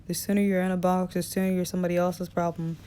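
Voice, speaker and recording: A woman's voice: fairly low pitch, level tone, quick pace, dark tone, clean tone, natural voice. A woman reading the part of a sneering, threatening male armed guard.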